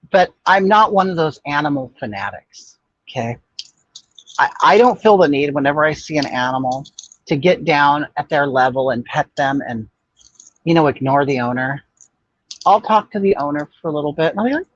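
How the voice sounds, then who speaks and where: In a casual livestream, an older male host responds to viewer comments, sounding sassy, blunt and gossipy. He speaks at a moderate pace with a slightly high voice and lively intonation, and the dry audio comes across dull and muffled.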